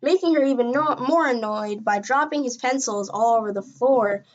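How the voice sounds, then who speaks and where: A woman telling a story from her school days in a casual, rambling way, with sudden excited jumps in pitch and loudness. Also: moderate pace, dull audio.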